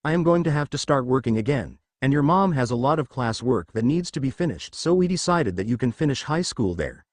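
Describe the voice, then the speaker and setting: A man's voice: mid-range voice, animated, a little fast, few pauses, no room sound, close to an everyday voice. A man reading aloud and voicing a protective, reluctant father who grumbles. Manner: gruff, reluctant.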